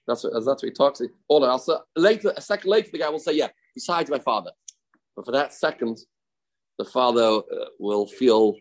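A man's voice: a little high, poor audio. A man teaching a daily Talmud lesson, explaining the text, acting out its cases and repeating key phrases for emphasis.

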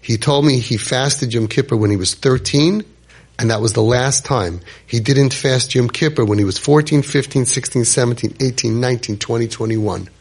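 A man, telling a personal story with animated repetition and Yiddish words. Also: mid-range voice, moderate pace, husky. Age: 50s. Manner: animated, repeats phrases for emphasis, sprinkles Yiddish words.

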